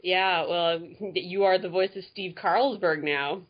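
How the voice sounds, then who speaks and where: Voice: medium pitch, measured pace. A podcast co-host in casual chat who is playful and laughs often. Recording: slightly muffled audio.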